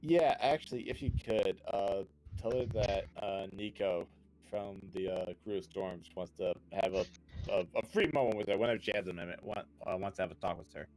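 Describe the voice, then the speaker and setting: A man's voice: deep voice, brisk, a little mellow, rough recording. A man playing his character in a tabletop game, talking earnestly and steadily with many restarts. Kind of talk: in-character role-play.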